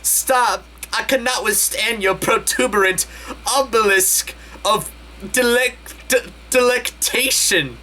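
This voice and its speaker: A man voicing a male cartoon creature who speaks in a high, strained voice. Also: slow pace, bright, forceful tone, slight background noise, exaggerated voice. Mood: pained.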